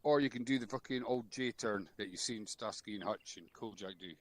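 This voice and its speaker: A man's voice: on the low side, brisk. A man giving a blunt, sweary, jokey military briefing over a headset in voice chat. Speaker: unit instructor.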